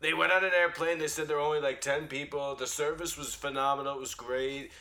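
Man doing a boastful older politician, gravelly voice, tense sharp tone, brash and dismissive. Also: on the high side, steady tone, a little fast. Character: boastful blustering older male politician impression.

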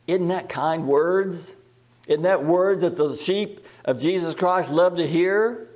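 Higher-voiced man preaching a sermon. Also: takes it slowly, a little mellow. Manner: reads scripture aloud and asks the listeners questions; repeats words and restarts phrases. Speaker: pastor.

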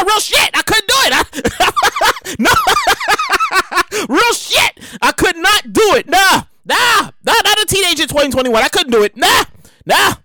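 Animated, slangy New woman. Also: high-pitched, normal speed, a little hiss or hum. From New York. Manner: animated, slangy, acts out quoted voices. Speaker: commentator. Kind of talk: casual news commentary.

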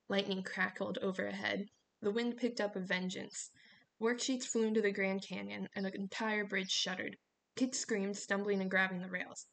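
A woman reading a novel aloud in a steady storytelling voice. Her middle-range voice has a gravelly edge. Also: medium pitch, normal speed. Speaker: audiobook narrator. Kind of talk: audiobook narration.

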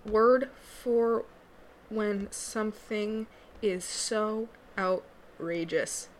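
A woman's voice: medium pitch, extremely slow. Young woman, podcast host in a small booth, rambling casual delivery, frequent laughs, faint background hiss. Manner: rambling, self-interrupting, laughs often. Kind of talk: casual solo podcast chat.

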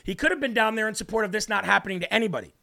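A man hosting a political commentary show, talking combatively and emphatically straight to his viewers, and slowing down to repeat key points. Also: high-pitched, vocal fry, sharp tone.

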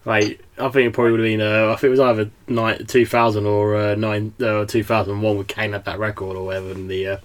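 A man's voice: lowish voice, flat delivery, fast talker, hardly any pauses. A young man hosting a podcast, chatting casually in a rambling way with lots of fillers and laughter. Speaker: podcast host. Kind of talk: casual chat.

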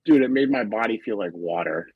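An excitable man talks in loose slang and keeps saying "dude." His voice is husky and lively, jumping around in pitch, and it is recorded dry and close. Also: a little fast, dry recording, muffled recording. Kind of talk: casual chat.

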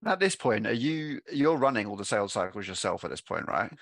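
A man co-hosting a podcast, asking guests questions in a quick, loose and friendly manner. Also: fairly low pitch, expressive, creaky, a bit bright, dry recording, studio quality. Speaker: podcast co-host. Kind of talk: casual podcast chat.

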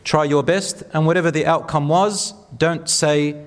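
A man's voice: fairly high pitch, steady tone, moderate pace, in a large hall. A man giving an earnest, encouraging religious talk, telling stories to an audience. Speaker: speaker at a talk.

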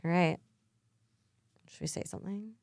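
A woman's voice: on the low side, moderate pace, gravelly, a little mellow, no echo, clean studio sound. A woman in her twenties from Southern California with a Southern Californian accent, co-hosting a casual podcast chat, blunt and laughing often. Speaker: podcast co-host. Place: small studio.

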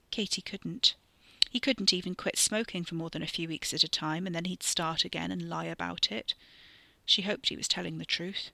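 A woman narrating her own dark fiction podcast in a measured, even reading. Her voice is slightly low yet bright and forward. It is recorded close and dry, with no room sound. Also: vocal fry, no room sound. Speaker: podcast storyteller.

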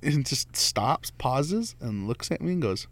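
A man in his twenties, a delivery driver, telling stories to friends in a casual, animated way, acting out the voices of the people in them. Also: mid-range voice, a little slow, no room sound. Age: 20s. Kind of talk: casual storytelling among friends.

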